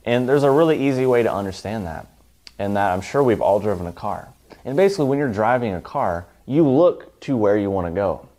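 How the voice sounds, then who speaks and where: A man's voice: lowish voice, lively intonation, a little fast, warm tone. A man giving a motivational self-help talk, emphatic and piling up long lists.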